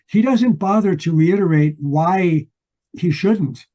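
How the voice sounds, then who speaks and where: A man's voice: sits high, slow pace, dark tone. An older man co-hosting a book podcast, retelling a story in a rambling way with many restarts. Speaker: podcast co-host. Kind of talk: casual book discussion.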